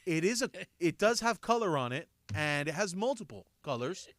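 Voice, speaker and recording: Man, sports radio co-host, slightly higher voice, very lively pitch, dry studio mic, acts out voices in his stories. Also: moderate pace, no room sound. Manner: animated storyteller who acts out voices. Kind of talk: casual sports talk chat. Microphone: studio microphone.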